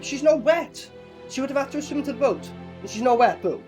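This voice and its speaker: A man casually reviewing a film with a co-host, animated and mocking, swearing often. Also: very high voice, a little fast, over music. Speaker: movie reviewer. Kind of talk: casual movie review chat.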